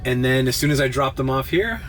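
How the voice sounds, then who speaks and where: A man's voice: mid-range voice, lively intonation, brisk, fairly bright tone, faint music behind. A man vlogging casually from inside his car as a rideshare driver, rambling, swearing and laughing a lot. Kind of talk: casual vlog while driving.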